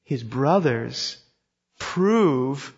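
A man's voice: mid-range voice, expressive, extremely slow, darkish tone, breathy edge. A man preaching a sermon, telling a story with emphasis and putting questions to his listeners. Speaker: pastor. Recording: dull sound in a reverberant hall.

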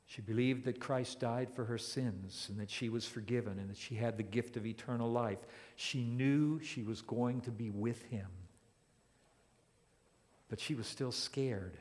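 A man preaching a sermon as a pastor, speaking deliberately and building to emphatic declarations. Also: mid-range voice, darkish tone, big-room sound. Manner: slow and deliberate, rising to emphatic.

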